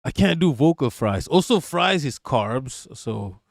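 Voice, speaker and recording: A man's voice: mid-range voice, big pitch swings, a little slow, gravelly, no room sound, studio quality. A man hosting a live stream, ranting in a casual, profane and mocking way and laughing often. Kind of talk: casual reaction rant.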